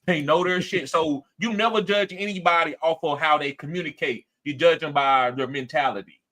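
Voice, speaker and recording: At a fairly quick pace, a male podcast host animatedly hosts a casual sports talk show. He reads out chat comments and imitates quotes in a higher voice.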